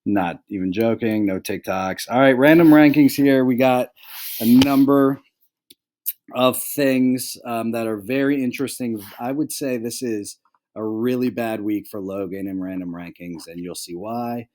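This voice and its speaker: A man's voice: mid-range voice, a little slow, darkish tone. A young adult man hosting a casual fantasy football recap, rambling with lots of "like" and "um" and joking about his friends. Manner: rambling, full of "like" and "um"; jokey, handing out mock penalties to friends.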